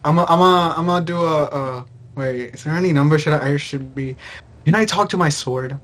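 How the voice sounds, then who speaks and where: A man's voice: on the high side, fairly bright tone. Young male player, hesitant, casual. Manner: hesitant, halting. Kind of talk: casual tabletop play.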